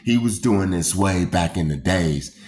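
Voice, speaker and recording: A man's voice: deep voice, unhurried. A man casually telling a personal story in loose, repetitive phrasing, acting out the screams and voices in it. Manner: animated, acts out screams and quoted voices. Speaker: storyteller recounting a personal experience.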